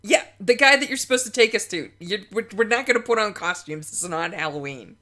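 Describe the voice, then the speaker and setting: A woman's voice: mid-range voice, lively intonation, brisk, bright, forceful tone. A woman playing a tabletop game, talking casually with stammers and restarts. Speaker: player.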